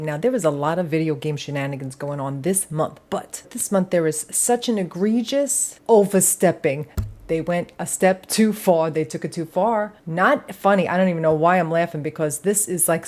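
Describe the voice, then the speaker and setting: A woman's voice: lowish voice, moderate pace, darkish tone. A young adult woman hosting a gaming news show in casual commentary, sassy and dramatic, swearing freely.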